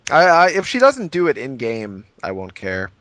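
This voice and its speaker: A man's voice: medium pitch, wildly swooping pitch, moderate pace, fairly bright tone, no room sound. A man co-hosting a gaming podcast, playful and upbeat, asking a lot of questions in casual chat. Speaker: podcast co-host.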